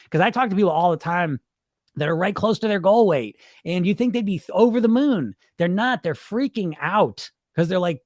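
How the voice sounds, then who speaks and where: Blunt, swearing middle-aged man, lively pitch. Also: a little fast, no room sound, studio quality. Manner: blunt and profane, animated; laughs often, repeats words. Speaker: weight-loss coach and podcast host. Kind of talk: unscripted livestream monologue.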